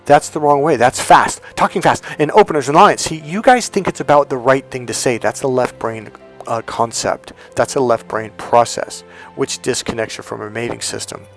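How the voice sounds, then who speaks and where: Guy with a gravelly voice coaching, punchy then slow and soft, bit of music under it. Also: medium pitch. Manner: emphatic, swings from loud punchy bursts to slow soft talk. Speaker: dating coach. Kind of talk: coaching monologue.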